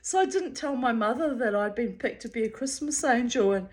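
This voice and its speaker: Animated New woman storyteller. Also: on the high side, fairly quick. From New Zealand. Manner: animated, self-mocking, often laughing. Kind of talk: casual anecdote.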